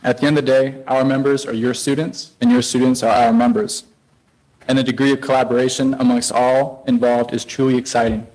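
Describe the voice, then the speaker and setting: A man's voice: mid-range voice, little pitch movement, a little fast, a little mellow, low-quality recording. A man representing a community health partner, reading formal prepared remarks at a public meeting. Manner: formal, read-out, with occasional uh fillers.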